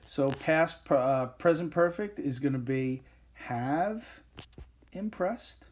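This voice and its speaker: A man teaching an English grammar lesson over a whiteboard recording, explaining step by step with frequent pauses and fillers. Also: on the high side, darkish tone.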